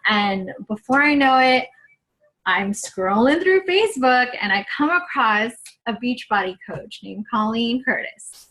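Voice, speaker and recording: This young woman, an online fitness coach, shares her own story during a live video in a fairly high, bright and animated voice at a measured pace. Chatty and earnest, she performs her past quotes as she goes.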